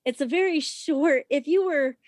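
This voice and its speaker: High-voiced woman telling a wild story. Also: normal speed, dry recording, clean studio sound. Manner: animated, profane, loud when quoting herself. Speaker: podcast guest, former stripper. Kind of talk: casual storytelling.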